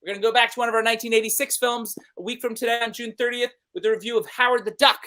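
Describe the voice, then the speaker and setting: A man's voice: extremely high pitch, flat delivery, rapid-fire, bright, forceful tone. Upbeat man hosting a film review show. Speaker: host. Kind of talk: casual podcast chat.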